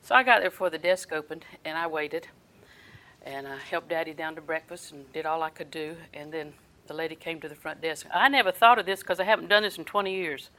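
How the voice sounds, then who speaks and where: An older woman preaching a sermon, folksy and storytelling, often dropping her voice soft. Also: low voice, fairly quick, poor audio.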